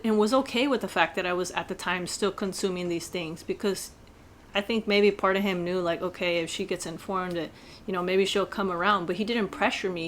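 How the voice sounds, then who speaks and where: A woman's voice: mid-range voice, a little hiss or hum. A woman vlogger telling a personal story in a casual, earnest, rambling way with many fillers.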